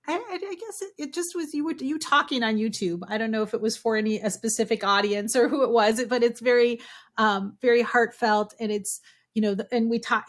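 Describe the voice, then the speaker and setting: A woman from Minnesota with a Minnesotan accent, hosting a podcast interview with enthusiasm and rambling praise. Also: medium pitch. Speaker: podcast host.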